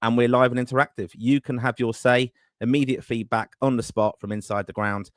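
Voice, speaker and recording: A man's voice: mid-range voice, fairly even intonation, fairly quick, no room sound, studio quality. A man hosting a live fan podcast over a video call, upbeat and optimistic, mixing chat with plugs for the show. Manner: upbeat, self-styled optimist, promotional patter. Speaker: podcast host.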